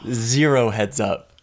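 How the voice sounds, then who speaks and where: A man's voice: medium pitch, a little hiss or hum. A man in his late twenties, a guest on a podcast, teasing the hosts wryly and laughing often. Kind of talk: casual podcast banter.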